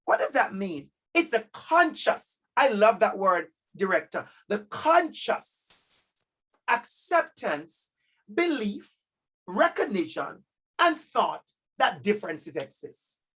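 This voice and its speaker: A man's voice: high voice, big pitch swings, slow, a bit bright, husky. Emphatic Jamaican man giving a talk. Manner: emphatic, repeats key words, calls out audience names. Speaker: keynote speaker at a parent conference. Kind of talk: lively workshop presentation.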